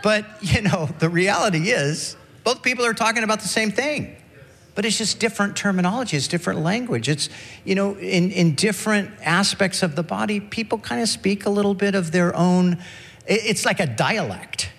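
A man's voice: sits high, gravelly, fairly bright tone. Man preaching in an echoing church. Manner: conversational, many restarts and "you know". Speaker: pastor. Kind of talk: sermon.

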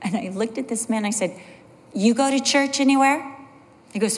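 A woman preaching a sermon, telling personal stories in an animated way and dropping to a low, soft voice for emphasis. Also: moderate pace. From California. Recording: long hall reverb.

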